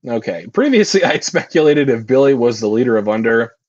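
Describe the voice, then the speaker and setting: A man's voice: mid-range voice, animated, brisk, a little mellow, dry recording, lo-fi sound. A man hosting a live stream, reading manga aloud and sharing thoughts with giggly, thinking-aloud asides. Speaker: reaction stream host.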